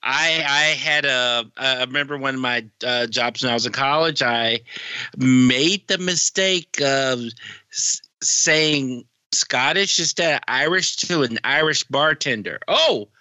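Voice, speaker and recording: A man's voice: medium pitch, unhurried, pushed and bright, clean tone, no echo. A man co-hosting a casual podcast, laughing and telling stories about himself. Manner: laughing, self-deprecating storyteller. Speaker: co-host.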